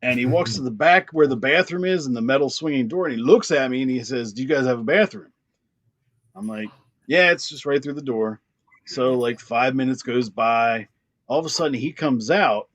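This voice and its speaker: A young man from Pennsylvania telling a story in a loose, animated way, laughing often and slipping into the voices of the people he describes. His pitch sits in an ordinary middle range. The sound is dry and close, with no room echo. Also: moderate pace, highs cut off. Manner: animated, laughs often, acts out quoted lines. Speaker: band drummer, guest. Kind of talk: casual storytelling.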